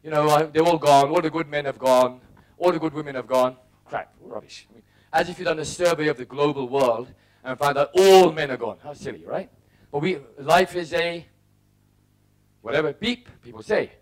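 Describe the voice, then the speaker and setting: With a brisk delivery and a voice on the high side, a middle-aged Englishman gives a motivational talk. He relates personal experiences and acts out his thinking in short, punchy bursts.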